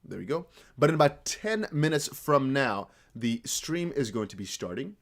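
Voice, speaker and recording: Animated Dutch man hosting a crypto stream. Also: mid-range voice, normal speed. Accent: American-sounding English with slight Dutch traces. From Netherlands. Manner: rambling, animated, talks to chat. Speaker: crypto livestream host. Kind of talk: casual livestream chat.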